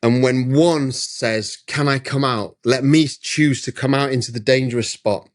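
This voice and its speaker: A middle-aged man, an interview guest, telling a personal story in an emphatic, animated way with frequent restarts, speaking over a video call from his studio. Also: mid-range voice, a little slow.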